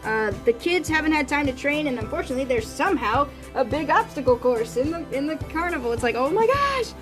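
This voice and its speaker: A woman's voice: high-pitched, over music. A woman streaming as an artist, chatting casually and rambling with many fillers and restarts. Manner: rambling, full of fillers and restarts, quick quoted voices. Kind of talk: casual livestream chat.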